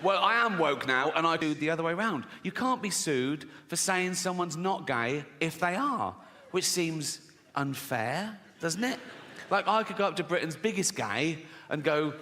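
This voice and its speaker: A man's voice: a little high, lively intonation, a little slow. A British man doing a stand-up comedy routine, sardonic and sweary with mocking asides. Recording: echoey venue with loud laughter. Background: audience laughter.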